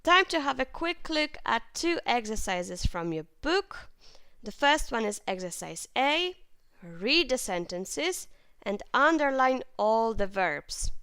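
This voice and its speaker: A woman teaching English grammar in a clear, patient way, with lively intonation and plenty of example sentences. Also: a little high, dry recording. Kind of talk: grammar lesson.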